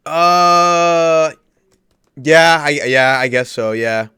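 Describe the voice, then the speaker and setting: A man co-hosting a podcast in casual chat, agreeable and quick to back up the other speaker. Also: a little high, bright, forceful tone, smooth, no echo, studio quality. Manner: agreeable, quick to laugh along. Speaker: podcast co-host.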